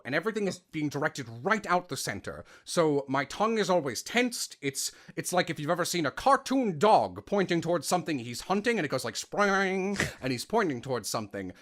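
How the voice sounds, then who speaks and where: A man with a fairly high voice that swoops up and down constantly talks casually about voice acting. He is animated, breaks into quick demo voices, and sounds worn after a long day. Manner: animated, demonstrates voices mid-sentence. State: voice tired at the end of a long day. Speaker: podcast host.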